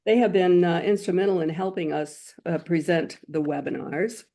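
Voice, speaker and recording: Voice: medium pitch, normal speed. A webinar host reading scripted announcements and speaker introductions in a formal, polished way. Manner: reads from a script, warm and formal.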